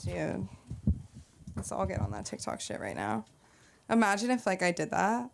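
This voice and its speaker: Female emcee, creaky gravelly voice, swooping animated intonation, rambling banter. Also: medium pitch, normal speed, background noise. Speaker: open-mic host. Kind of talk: emceeing between comics. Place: comedy club stage.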